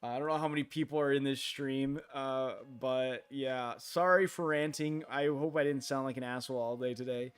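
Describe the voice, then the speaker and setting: A tired young man streaming a game late at night, talking in a halting, rambling way full of fillers and restarts. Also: medium pitch, steady tone, clear, resonant tone.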